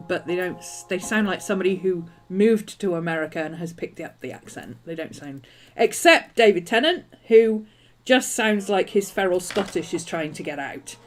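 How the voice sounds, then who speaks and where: A woman's voice: fairly low pitch, normal speed, soft background music. A woman hosting a planning and journaling video, chatting casually and rambling as she works. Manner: chatty, rambling, self-amused. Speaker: planner and journaling channel host. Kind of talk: casual crafting chat.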